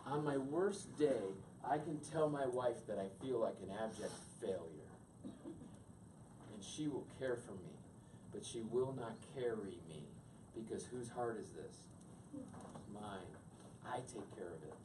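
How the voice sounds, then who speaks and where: A man's voice: lowish voice, lively intonation, slow. Man teaching a couples' class, heard from afar. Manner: conversational, quizzes the audience. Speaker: marriage workshop speaker. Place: meeting room with an audience. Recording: distant mic with background noise.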